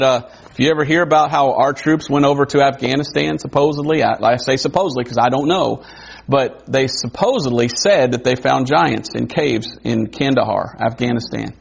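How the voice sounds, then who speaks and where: A man preaching a sermon in a conversational way, wondering aloud and adding quick asides. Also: mid-range voice, vocal fry, slightly rough. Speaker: pastor. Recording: dull lo-fi recording.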